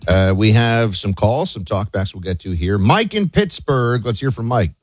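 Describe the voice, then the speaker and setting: A man's voice: lowish voice, expressive, moderate pace, dry recording, faint music behind. A man hosting a talk radio show, taking calls in a loose, conversational way with plenty of fillers.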